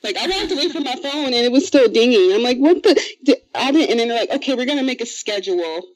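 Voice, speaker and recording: A podcast co-host spinning a story in an animated, foul-mouthed way, with a voice of middling pitch. The talk is casual, with quick bits of mimicry of other people. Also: crowd noise, low-quality recording. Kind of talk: casual chat.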